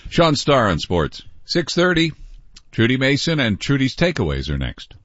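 A man hosting a morning radio show, tossing in quick reactions and asides and moving the show along. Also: mid-range voice, huge pitch swings, a bit bright, no echo. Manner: short quick reactions and asides, hands off to the next segment. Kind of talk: casual radio banter. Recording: dull, dry radio studio sound.

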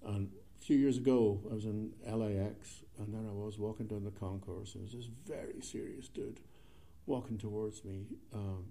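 A man with a Scottish accent, a guitarist telling a relaxed, cheeky anecdote before playing a tune. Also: lowish voice. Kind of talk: storytelling between tunes.

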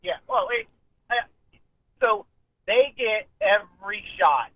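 A chatty man calls in to a radio show and tells his story, voicing each side of the argument himself. His voice sits fairly high. The line is muffled and dull. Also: huge pitch swings, slow, slightly rough, dry recording. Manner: chatty, retells arguments with quoted dialogue. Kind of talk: casual call-in storytelling.

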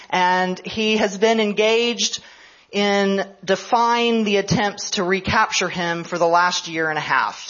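A woman's voice: lowish voice, fairly bright tone, lo-fi sound. A woman history professor giving a conference lecture, telling a story in a conversational way.

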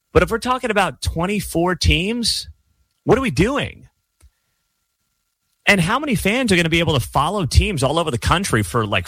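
A man's voice: fairly high pitch, a bit bright, no room sound. A middle-aged man hosting his own sports channel, delivering an emphatic, opinionated monologue with sarcastic asides.

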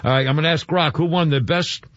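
A man's voice: a little high, fast talker, a bit bright, dry recording. A man hosting a casual radio talk show, rambling and laughing easily as he chats with callers. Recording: dull lo-fi radio broadcast.

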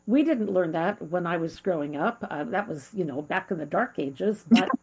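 A woman's voice: on the low side, expressive, moderate pace, darkish tone, breathy edge. A middle-aged woman hosting an interview, speaking in an earnest, heartfelt way with frequent fillers. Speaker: interview host. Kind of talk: conversational interview.

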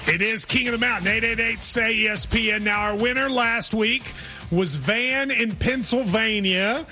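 Upbeat male sports radio host, high bright voice, music under him. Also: moderate pace. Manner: upbeat, teasing. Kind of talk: sports talk radio hosting.

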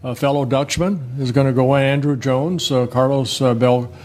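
Speaking at a moderate pace in a steady, medium-pitched and slightly mellow voice, an older former pitcher spins folksy tales as an interview guest. The storytelling is relaxed and meandering, and he restarts often.

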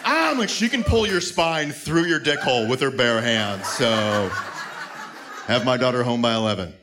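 A man doing a stand-up comedy routine, acting out scenes with animated delivery. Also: mid-range voice, normal speed, noisy background.

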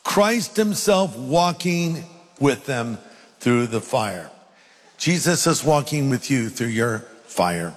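A man preaching a sermon, speaking emphatically and reading scripture aloud with dramatic pauses. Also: medium pitch, lively intonation, big-room sound.

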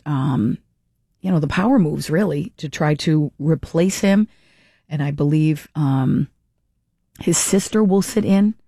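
A woman's voice: low voice, dark tone, dry recording, studio quality. A middle-aged woman hosting a radio talk show, chatting casually and rambling with fillers and restarts.

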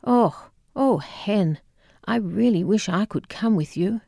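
A woman reading an audiobook memoir, voicing an older Scottish mother with a soft brogue who is tender but quick to turn curt. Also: sits low, expressive, creaky, dry recording, studio quality. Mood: wistful.

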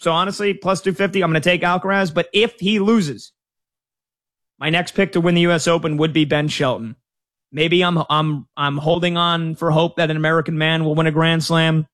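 A man's voice: a little high, steady tone, brisk, fairly bright tone. A man talking casually as a sports betting analyst, conversational with frequent fillers. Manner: conversational, uses fillers like "you know".

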